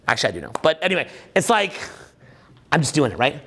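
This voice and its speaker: On stage at a live seminar, a dating coach in his forties talks fast in a fairly high, slightly rough voice. He's animated and profane, chatting like it's a conversation and constantly checking in with "right?"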